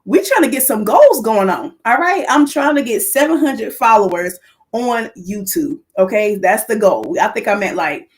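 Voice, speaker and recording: Woman podcast host, lively, excited live-stream chat. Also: mid-range voice, moderate pace. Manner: lively, excited, calls to the audience. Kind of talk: livestream chat to viewers.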